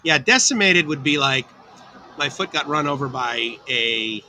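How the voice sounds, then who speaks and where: A man's voice: mid-range voice, a little slow, pushed and bright, a little hiss or hum, rough recording. A man hosting a casual livestream from a cafe, chatting upbeat with viewers and answering their comments by name. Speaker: livestream host. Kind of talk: casual live chat reading viewer comments. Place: outdoor cafe on a tropical island.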